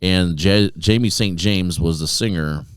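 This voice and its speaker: A man with a deep, low voice tells a rowdy story on a podcast, swearing freely as he goes. The sound is dry and close, with no room around it. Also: a little slow, clear, resonant tone, no room sound. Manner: profane, lively anecdote-telling. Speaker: podcast co-host. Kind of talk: casual storytelling chat.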